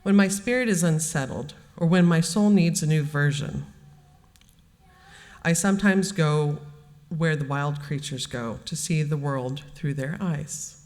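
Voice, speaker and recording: Brief: gentle, wise divine mother, read by a woman, soft-spoken and calm, long hall reverb. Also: low-pitched, a little slow.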